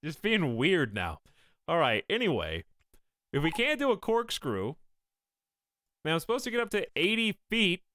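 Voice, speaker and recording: Lively, excitable male game streamer. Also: on the high side, normal speed, long pauses, dry recording, clean studio sound. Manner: excitable, reacting aloud and bantering with chat. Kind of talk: live game-stream commentary.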